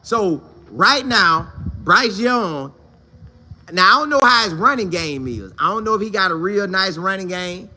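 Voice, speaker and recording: A man hosting a sports talk show, chatting casually and answering viewer comments in a slangy, repetitive, animated way. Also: high-pitched, a little slow.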